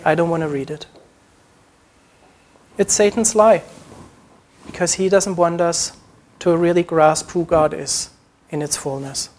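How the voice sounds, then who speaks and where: A man's voice: sits high, a little mellow. A man preaching a sermon, earnest, acting out short quoted prayers as he teaches.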